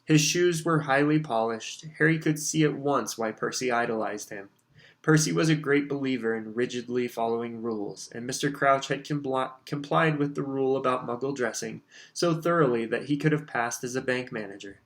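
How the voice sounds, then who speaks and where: A man reading a novel aloud as an audiobook narrator, in measured storytelling. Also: mid-range voice. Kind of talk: scripted narration.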